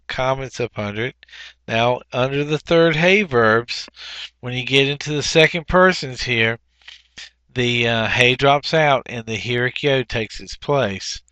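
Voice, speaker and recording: A man with a bright, clear voice walks through workbook exercises one by one, pausing on fillers and correcting himself as he goes. He is recorded close up on a dry mic with no room sound. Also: mid-range voice, no echo. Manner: unhurried, explanatory, frequent fillers and self-corrections. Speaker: teacher. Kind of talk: workbook walkthrough lesson.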